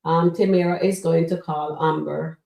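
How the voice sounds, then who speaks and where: On her live stream, a woman reviews comedy skits and casually chats with viewers, calling them "guys" amid frequent fillers. Her low voice is creaky and mellow, fairly even in intonation at a normal speed. The mic sits far away, leaving her set back in a roomy echo.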